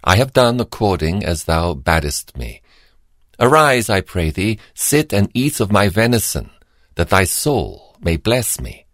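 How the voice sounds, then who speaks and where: A man's voice: low voice, sing-song, a little slow, fairly bright tone, no room sound, studio quality, heavily acted. A man voicing an anxious younger son, earnest and uneasy as he deceives his father.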